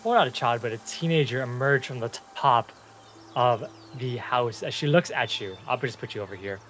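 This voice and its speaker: A man's voice: mid-range voice, moderate pace, a bit bright, a little hiss or hum. A young man narrating as game master, loose and chatty, breaking into chuckles as he describes the scene.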